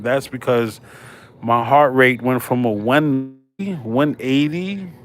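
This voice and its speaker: A man hosting a casual livestream from a hospital room, slangy and laid back as he chats with viewers. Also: medium pitch. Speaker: livestream host.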